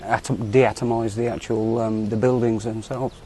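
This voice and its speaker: Deep flat-voiced man, matter-of-fact. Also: moderate pace, crowd noise. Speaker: group member. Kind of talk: group discussion.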